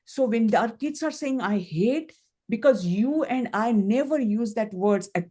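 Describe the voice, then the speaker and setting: A woman's voice: on the high side, lively intonation, a little slow, warm tone. Indian-accented woman coaching parents on a call. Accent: Indian English. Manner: storytelling, acts out quoted dialogue. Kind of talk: online coaching session. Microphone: video call.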